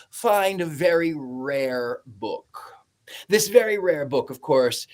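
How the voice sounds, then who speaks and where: A man co-hosting a livestream, retelling a film plot wryly with asides. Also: a little high. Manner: slow, wry storytelling with asides. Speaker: regular co-host. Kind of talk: casual film synopsis on a livestream.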